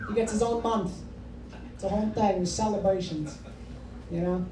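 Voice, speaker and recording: A male stand-up comic with a fairly high voice, swearing freely and needling the crowd. He sounds far from the mic in a reverberant room. A steady layer of noise sits under his set. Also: normal speed. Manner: brash, profane, teasing the audience. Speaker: stand-up comedian. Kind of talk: stand-up comedy with crowd work. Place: comedy club with a live audience. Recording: echoey room, distant mic, noisy.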